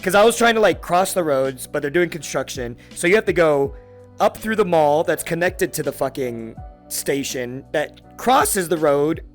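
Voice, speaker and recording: A young adult man hosting a podcast, telling a story in a casual, excitable way with heavy swearing and lots of fillers. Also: on the high side, normal speed, faint music behind. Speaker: podcast host.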